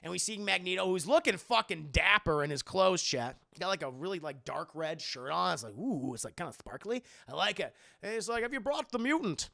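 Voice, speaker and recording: A man's voice: high-pitched, lively intonation, fairly quick, gravelly, few pauses, pushed and bright. A man streaming a casual film recap, rambling and swearing as he talks to his chat. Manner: profane, rambling, keeps addressing chat.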